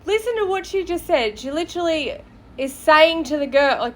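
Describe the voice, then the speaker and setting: A woman's voice: high-pitched, animated, brisk. A woman hosting a podcast, giving blunt, sarcastic commentary and mocking the people she talks about. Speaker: podcast host. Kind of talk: casual commentary.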